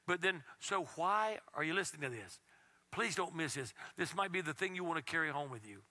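A man preaching a sermon as pastor, reading scripture aloud and at times dropping his voice to a hush. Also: fairly high pitch. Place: church.

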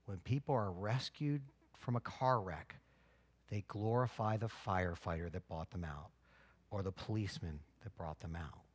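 A man preaching a sermon as pastor, telling stories with lively swings between loud exclamations and quiet, earnest emphasis. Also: low voice, moderate pace, slightly rough.

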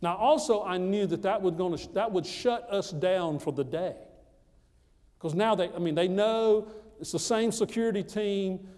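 A man from the United States, pitched a little high for a man, preaching a personal testimony with emphatic, repetitive storytelling. His voice rings out in a hall with a long, lingering reverb. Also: normal speed, a little mellow. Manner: emphatic, repeats phrases for effect. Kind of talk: storytelling sermon.

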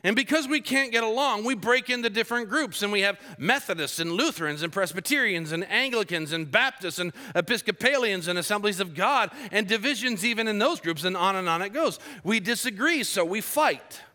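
A man's voice: high-pitched, fairly quick, few pauses, in a large hall. A man preaching a sermon as pastor, telling stories with humorous asides. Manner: lively storytelling with humorous asides.

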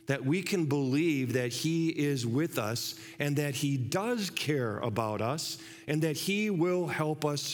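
A man preaching a sermon in a church, conversational and full of rhetorical questions. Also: a little high. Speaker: pastor.

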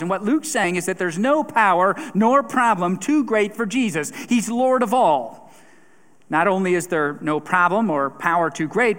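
A man's voice: high voice, fairly bright tone. A man preaching a sermon in a conversational way, with a few fillers and repeated words. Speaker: pastor. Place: church sanctuary. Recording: long church reverb.

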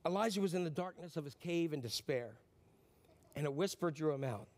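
A man preaching a sermon, animated, swinging from loud bursts to near-whispers and asking the congregation questions that he answers himself. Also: fairly high pitch, fairly quick. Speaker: pastor.

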